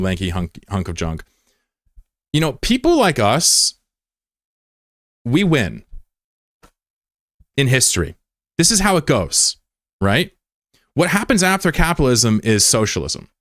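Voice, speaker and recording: A man's voice: mid-range voice, a bit bright, no echo, clean studio sound. A man from the United States, a livestreamer in casual chat, taunting and combative with a viewer and swearing freely.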